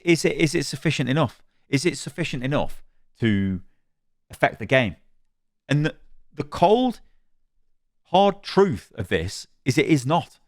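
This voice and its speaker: A man commenting on games, reacting to a review he reads aloud, animated and rambling, with frequent laughs and restarts. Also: medium pitch, no echo, clean studio sound. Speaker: gaming commentator.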